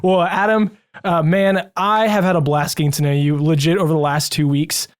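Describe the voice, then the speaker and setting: A man's voice: on the high side, level tone, moderate pace. A man hosting a podcast interview, upbeat, enthusiastic and jokey. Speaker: podcast host.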